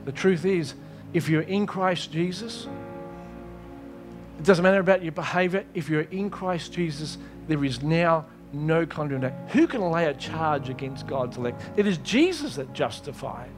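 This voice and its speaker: A man preaching a sermon, acting out his own prayers and God's replies in lively dialogue. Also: a little high, normal speed, soft background music. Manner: animated, acts out dialogues with God.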